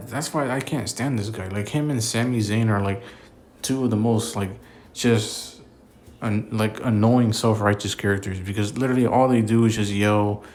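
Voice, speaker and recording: A man's voice: fairly low pitch, darkish tone, slight background noise. Exasperated man ranting casually. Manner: exasperated, repetitive, heavy filler words and cursing. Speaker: wrestling commentator. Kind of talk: casual opinion rant.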